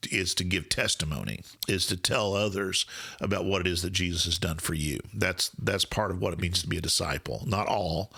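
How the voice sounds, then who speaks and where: Male podcast co-host, bright tone, explanatory Bible-teacher manner, easygoing. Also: on the low side. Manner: thoughtful, explanatory, frequent restarts. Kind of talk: casual Bible discussion.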